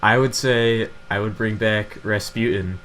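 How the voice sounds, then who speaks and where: A man's voice: fairly low pitch, steady tone, unhurried, fairly bright tone, a little hiss or hum. A young man co-hosting a podcast in casual chat, laid-back with dry asides. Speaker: podcast co-host.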